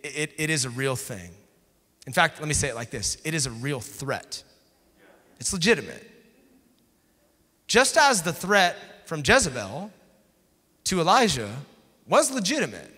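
Lively, high-voiced male preacher. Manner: emphatic, conversational, with dramatic drops to near-whispers. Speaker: pastor. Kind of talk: sermon. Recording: echoey hall.

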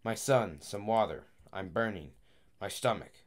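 A man's voice: lowish voice, unhurried, lightly acted. A man reading as a dying old father. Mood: pleading. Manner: plaintive, begging.

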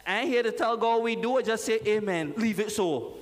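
A man, a pastor preaching a lively, joking sermon and calling out to his congregation. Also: high-pitched, fairly quick. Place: church sanctuary. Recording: reverberant church hall.

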